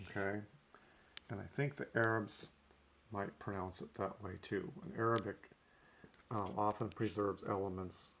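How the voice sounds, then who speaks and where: A man's voice: on the low side, slight background noise. A man giving a recorded language lesson, working through notes methodically and marking each step with "okay". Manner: methodical, frequent "okay" between points. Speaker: teacher.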